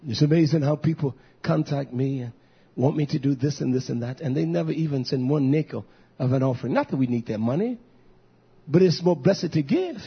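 Male preacher, high husky voice, fiery sermon with sudden shouts, dull muffled recording. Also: animated. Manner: swings between shouting and low mutters, drawn-out emphasis. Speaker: pastor.

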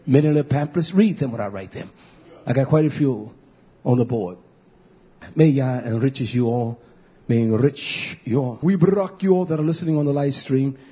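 Husky fiery preacher man, dull audio. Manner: chanting, drawn-out cries, swings from shouts to low murmurs. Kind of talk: fiery sermon on a live stream.

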